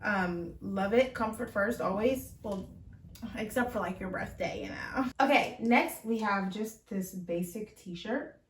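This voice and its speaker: A young woman vlogging a fashion try-on haul chats casually and bubbly, full of fillers, in an unhurried, medium-pitched voice. She's across the room, giving a roomy, distant sound with a little background noise.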